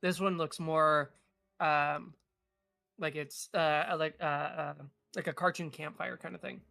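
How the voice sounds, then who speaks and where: A man's voice: on the high side, fairly even intonation, a little slow, creaky, bright, forceful tone, no room sound. A man narrating a tabletop game as game master, hesitant and full of filler sounds.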